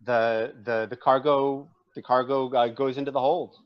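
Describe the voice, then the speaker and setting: A man's voice: medium pitch, steady tone, smooth. Man narrating as game master, lo-fi. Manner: halting, descriptive narration.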